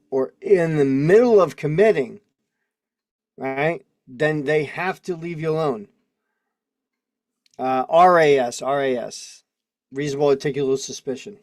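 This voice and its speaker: A man's voice: a little high, a little mellow, no echo, clean studio sound. A man in his forties hosting a casual livestream, rambling and laughing as he reads legal text aloud and comments. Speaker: host. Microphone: video call mic.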